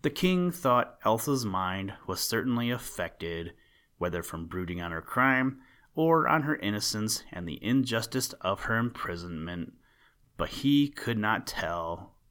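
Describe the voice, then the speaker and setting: A man reading an old storybook tale aloud in a calm, measured way. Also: lowish voice.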